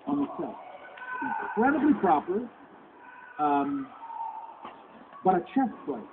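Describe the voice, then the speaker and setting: A man in his sixties telling stories as a convention panel guest, halting with many restarts. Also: high-pitched. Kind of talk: anecdotal Q&A talk. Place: convention hall. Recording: tinny lo-fi convention hall recording with background noise.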